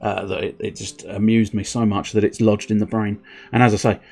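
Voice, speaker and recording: A man's voice: fairly low pitch, level tone, brisk, vocal fry, a little mellow, soft background music. A man streaming a game, chatting in a rambling, giggly way with lots of restarts. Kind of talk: casual gameplay commentary.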